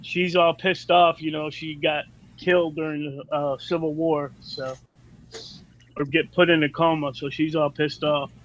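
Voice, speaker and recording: A man's voice: on the high side, little pitch movement, measured pace, lo-fi sound, slight background noise. A man chatting about comic books on a live stream, crude and joking. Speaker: comic book reviewer. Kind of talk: casual live-stream chat.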